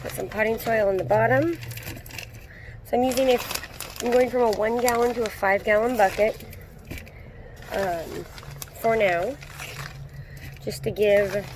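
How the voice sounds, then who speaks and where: A woman in her thirties giving a relaxed, casual tour of her backyard garden, with frequent ums, recorded on a handheld phone outdoors. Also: medium pitch, noisy background. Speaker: gardening vlogger.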